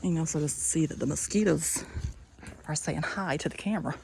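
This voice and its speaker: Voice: medium pitch, brisk, creaky, darkish tone, a little hiss or hum. A travel vlogger with a Southern US accent, chatting casually while hiking a forest boardwalk, thinking aloud as they go. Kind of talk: casual walking vlog narration. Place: outdoors on a forest boardwalk trail.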